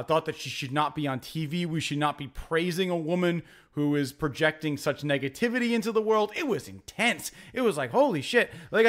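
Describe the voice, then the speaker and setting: A young adult man hosts a podcast, telling a rambling story through casual banter full of fillers and restarts. His voice sits on the high side and is a bit bright.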